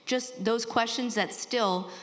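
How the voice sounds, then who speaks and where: A woman in her forties co-teaching a sermon, thoughtful and gentle, with hesitant fillers. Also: on the high side, slow. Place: church. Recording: church hall with long reverb.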